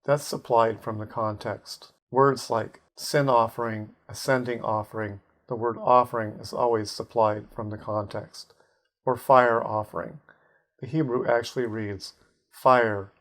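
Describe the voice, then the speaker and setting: A man's voice: medium pitch, a bit bright. A man teaching a Hebrew grammar lesson, methodically parsing words and sounding out Hebrew terms.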